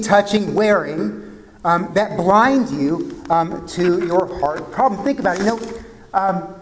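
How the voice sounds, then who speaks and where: Male pastor, sermon, slightly high voice, chatty and questioning, long hall reverb. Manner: conversational, asks the congregation questions, many fillers.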